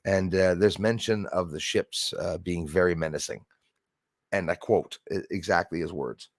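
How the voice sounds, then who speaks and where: A man's voice: sits low, normal speed, dry recording. A man hosting a casual live stream, greeting viewers by name and rambling with jokey asides. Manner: rambling with many fillers and restarts.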